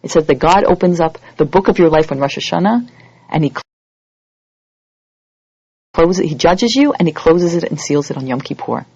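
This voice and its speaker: A woman giving an animated lecture, acting out little scenes and quoted voices as she teaches. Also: moderate pace, long pauses, breathy edge, no room sound. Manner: animated, acts out quoted voices with big pitch jumps. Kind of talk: lively lecture. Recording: dull lo-fi audio recording.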